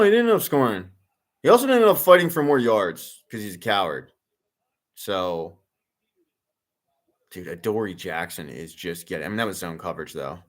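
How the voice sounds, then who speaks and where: A young man casually chatting and reacting during a live sports watch-along, rambling with lots of fillers and the odd curse. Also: low voice. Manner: rambling, filler-heavy, excitable sports fan, swears. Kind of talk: casual live commentary and chat.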